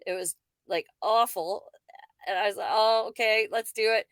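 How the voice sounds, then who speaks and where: A woman's voice: medium pitch, moderate pace, no room sound. A woman co-hosting a veterans' podcast, telling stories in casual conversation and laughing often. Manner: animated storyteller, laughs often.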